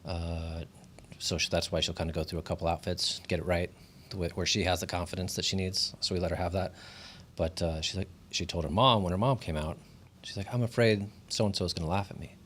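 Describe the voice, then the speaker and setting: A man's voice: deep voice, fairly even intonation, fairly quick, a bit bright, slight background noise. A young adult man, a guest on a podcast, telling stories about his daughter in a thoughtful, chatty way full of likes. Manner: thoughtful, storytelling, lots of likes. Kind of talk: casual chat.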